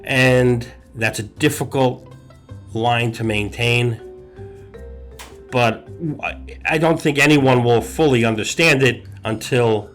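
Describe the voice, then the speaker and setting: On a reflective podcast, a middle-aged man who runs a hospital talks earnestly about balance, measured in pace and stacking his ideas in short lists. His medium-pitched voice has a fairly bright tone, with soft music in the background.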